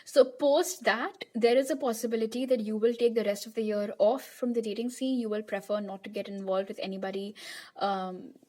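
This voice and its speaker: A woman's voice: on the high side, a little fast, dark tone. A young woman giving a pick-a-card tarot reading to her viewers in a chatty, reassuring way. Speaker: tarot reader.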